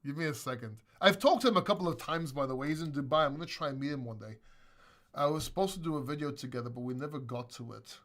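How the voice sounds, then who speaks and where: Crypto stream host, man, slightly high voice, blunt and rambling with casual swearing. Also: quick pace, a bit bright. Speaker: crypto channel host answering questions. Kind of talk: casual livestream Q&A.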